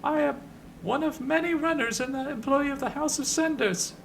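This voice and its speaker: A man voicing an effeminate, heavy-set male messenger who speaks in a high falsetto with flowery, overly polite phrasing. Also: normal speed, vocal fry, a bit bright, slight background noise, exaggerated voice, low-quality recording. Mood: fawning.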